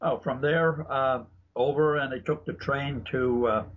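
This guest author and researcher has a mid-range, steady voice and speaks a little slowly. Interviewed casually, he shares chatty anecdotal stories with frequent restarts, recorded in dull lo-fi broadcast sound with faint noise.

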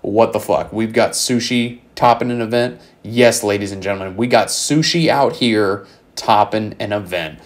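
A man's voice: fairly low pitch, moderate pace. Hype, profane young man breaking down a deck. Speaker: card game content creator.

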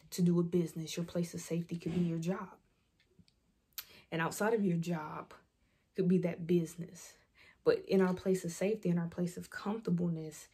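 A woman shares an earnest devotional reflection, moving between scripture and her own story. Her voice sits low and carries a gravelly, husky edge. The tone is mellow and dark rather than bright. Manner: earnest, reflective, personal testimony. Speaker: vlog host. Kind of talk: devotional talk with scripture reading.

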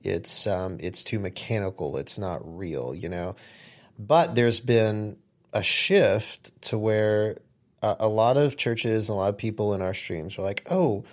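Low-voiced man hosting a prayer podcast. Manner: relaxed, laughs easily, trails off softly. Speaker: podcast host. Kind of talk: casual podcast conversation.

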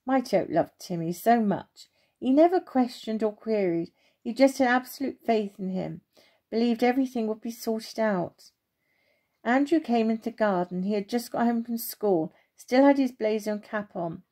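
A woman reading a children's storybook aloud, gentle and expressive. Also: on the high side, normal speed.

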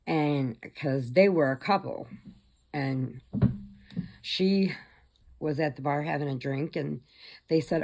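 A woman's voice: sits low, takes it slowly, long pauses. A woman vlogger chattily retelling a horror film plot, acting out the characters along the way. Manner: chatty, animated, acts out the characters' voices. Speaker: crochet vlogger.

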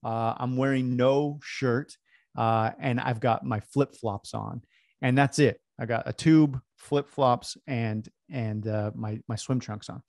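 Male speaker, animated storyteller, mid pitch, close dry mic. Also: takes it slowly, gravelly, no room sound. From California. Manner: animated, self-deprecating storyteller. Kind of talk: storytelling talk.

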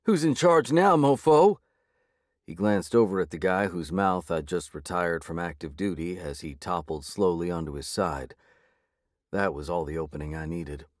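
A man reading a first-person audiobook in a measured, gritty way. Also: sits low, fairly even intonation, no room sound, studio quality. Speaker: audiobook narrator.

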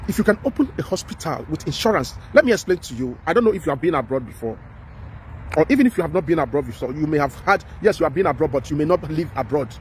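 Nigerian guy, high voice, going on and on, pleading and emphatic, little street noise behind. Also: lively intonation, quick pace. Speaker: social commentator. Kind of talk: impassioned street commentary.

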